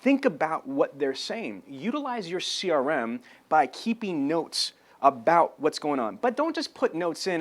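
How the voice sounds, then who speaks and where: A man giving an energetic sales training talk on camera, telling stories and acting out phone calls. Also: on the high side, unhurried, hardly any pauses. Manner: animated storyteller, acts out phone calls.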